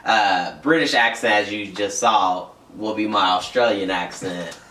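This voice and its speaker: A man co-hosting a casual comedy chat, easygoing and quick to poke fun at himself. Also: lowish voice, sharp tone. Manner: easygoing and self-mocking, quick to joke along. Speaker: co-host. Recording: roomy echo, mic at a distance.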